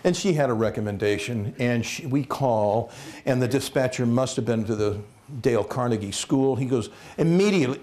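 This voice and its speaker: A man giving a comic storytelling talk as guest speaker at a college, animated and jokey, acting out voices. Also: mid-range voice, moderate pace. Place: lecture hall at a college.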